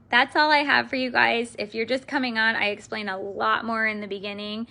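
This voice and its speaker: An earnest woman speaks to her sales team on a live video, emotional and full of fillers. Her voice sits a little high and sounds sharp and bright, with a gravelly fry running through it. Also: fairly even intonation, fairly quick, few pauses.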